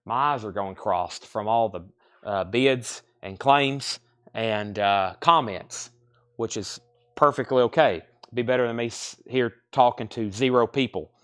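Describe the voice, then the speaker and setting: A man's voice: medium pitch, measured pace, fairly bright tone, clear, resonant tone. A man hosting a live-streamed record sale, chatting casually while he reads out bids, names buyers and repeats each price. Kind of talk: live-stream sales patter.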